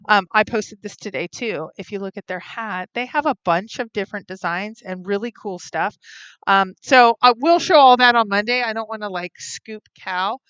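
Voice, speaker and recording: A woman's voice: fairly high pitch, bright, forceful tone, clear, resonant tone, no room sound, muffled recording. Chatty, giggly woman live-streaming. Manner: chatty and giggly, many ums, reads viewer comments aloud. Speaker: vlog host reading live chat. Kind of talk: casual live-stream chat.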